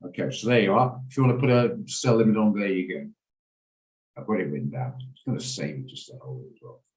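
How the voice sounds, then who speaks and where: A man's voice: deep voice, fast talker, darkish tone. Man explaining trades in a roomy room. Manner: explanatory, checks in with attendees by name. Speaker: trading room host. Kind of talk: live trading lesson over video call. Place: home office on a video call.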